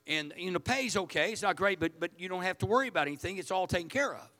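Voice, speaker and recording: A man's voice: high voice, expressive, fast, pushed and bright. A man preaching a sermon, telling a personal story in a folksy, repetitive way. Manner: folksy, storytelling, repeats words. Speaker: pastor.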